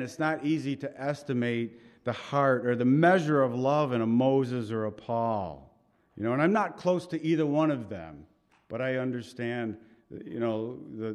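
A man delivers a sermon in an earnest, conversational manner, breaking off for asides as he walks through scripture. His voice sits in a middle pitch range. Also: darkish tone. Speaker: pastor.

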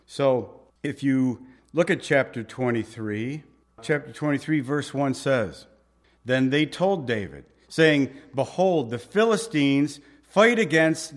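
A man preaching a sermon in an easy, conversational manner. His voice sits a little higher than most men's, and he often turns to the listeners with asides. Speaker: pastor.

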